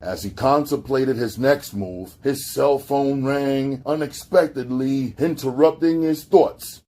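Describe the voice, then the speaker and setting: A man narrating a gritty street novel as an audiobook, in a low-key, unhurried storytelling manner with street slang. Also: warm tone.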